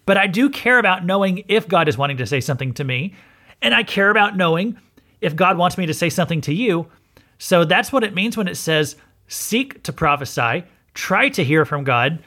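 A man delivers a relaxed, sermon-style Bible lesson, his voice sitting a little high. He talks to listeners directly and often stops to check they are following. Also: a little fast. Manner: conversational, frequent "okay?" check-ins. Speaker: pastor and podcast host.

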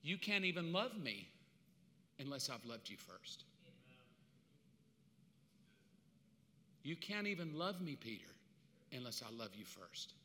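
Man doing a quiet patient master, asks the same thing again and again, bright tone. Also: on the high side, normal speed, in a large hall. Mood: tender. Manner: soft, coaxing and repetitive. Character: risen teacher gently questioning a friend.

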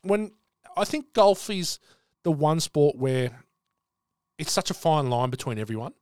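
Easygoing man, a bit high. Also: a little slow, smooth, dry recording, studio quality. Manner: relaxed, agreeable, swears casually. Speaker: podcast co-host. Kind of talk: casual sports chat.

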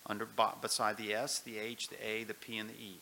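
A man leading a church class, first reading a story aloud, then giving earnest, calm instructions. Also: on the low side, a little fast, vocal fry, a little hiss or hum, poor audio.

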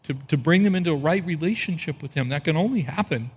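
A man's voice: on the high side, expressive, breathy edge. Man preaching with rhetorical questions. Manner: expository preaching, rhetorical questions, slows for emphasis. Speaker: pastor. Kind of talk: sermon.

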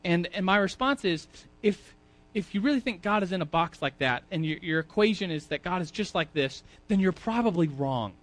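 A man's voice: sits high, animated, normal speed. A man teaching a Sunday school class in a church, talking casually, often repeating words and asking the audience questions. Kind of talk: casual sermon.

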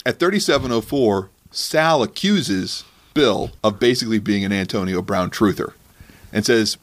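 A man's voice: fairly low pitch, animated, moderate pace. A man hosting a comedic podcast, talking in a sarcastic, mocking way. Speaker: podcast host.

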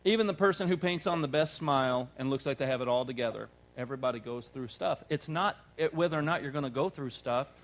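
A man's voice: medium pitch, fast, hardly any pauses. A man preaching a sermon as pastor, emphatic and building with rhetorical questions.

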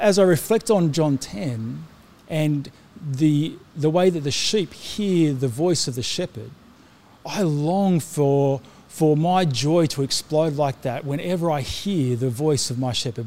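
A man's voice: a little high, a little mellow. A middle-aged man delivers a sermon in a slightly raised speaking voice. He is earnest and conversational, circling back and restarting phrases with small fillers. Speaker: pastor.

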